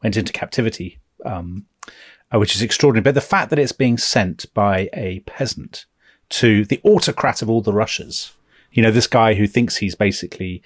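A man's voice: fairly low pitch, normal speed, no room sound, studio quality. A man co-hosting a history podcast, chatty and teasing, with lots of fillers. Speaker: podcast co-host.

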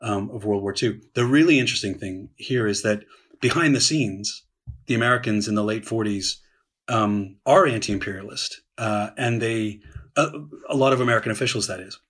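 A man's voice: lowish voice, moderate pace, a bit bright, breathy edge. A man in a conversational discussion, explaining at length, often restarting sentences and using fillers. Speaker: historian guest.

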